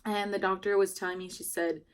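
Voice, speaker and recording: A woman's voice: medium pitch, level tone, brisk, clear, resonant tone. Young woman, new mom, casual storyteller, chatty and rambling, lots of filler words. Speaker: new mother telling her birth story.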